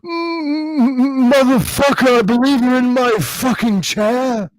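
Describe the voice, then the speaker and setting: A man putting on an impression of a spaced-out aging male rock star who answers slowly. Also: very high-pitched, no echo, pitched above the performer's own voice, rough recording. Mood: gruff. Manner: slow, dazed, delayed replies.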